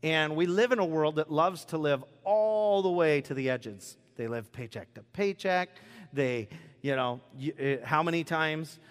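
Joking pastor preaching in a big hall. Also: male voice, a little high, measured pace, clear, resonant tone. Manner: conversational, joking, acts out quoted voices. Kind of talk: sermon. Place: church sanctuary. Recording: preached in a large reverberant hall.

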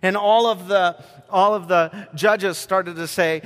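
A man's voice: high voice, steady tone, slow pace, fairly bright tone. A man preaching a sermon as pastor, talking conversationally and joking with his congregation in a church hall. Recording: long church-hall reverb.

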